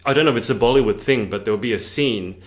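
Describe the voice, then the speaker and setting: A man hosting an interview, chatty and relaxed, often repeating words as he shapes his questions. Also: medium pitch, quick pace. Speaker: podcast host, interviewer. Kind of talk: casual interview chat.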